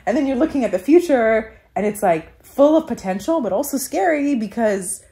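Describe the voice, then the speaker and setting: A woman's voice: a little high, lively intonation, moderate pace, warm tone. A woman telling a candid personal story in an interview, earnest and reflective, with many filler "likes". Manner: tearful laughing when moved.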